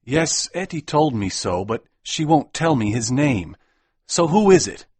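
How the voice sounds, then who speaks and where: A man doing a husky, confident young man. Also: mid-range voice, unhurried, no echo. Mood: puzzled. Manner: calm, confident. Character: bold young male newcomer. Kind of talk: storybook reading for English learners.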